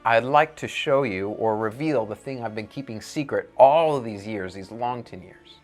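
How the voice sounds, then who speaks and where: A man voicing an evil spirit, the devil, gloating and cold, speaking slowly, low and deliberate. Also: darkish tone, faint music behind, close to an everyday voice.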